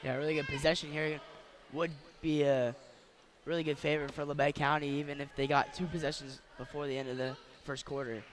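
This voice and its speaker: A man giving relaxed color commentary at a high school basketball game, agreeing with his partner and adding short exclamations. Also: a little fast. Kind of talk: casual game analysis. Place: high school gym, courtside. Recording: noisy gym broadcast feed.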